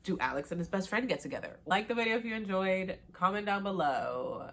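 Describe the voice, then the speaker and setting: A woman's voice: mid-range voice, animated, a little fast. A young woman chatting casually as she recaps a TV show, laughing at herself and acting out the characters' lines. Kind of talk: casual recap with acted-out quotes.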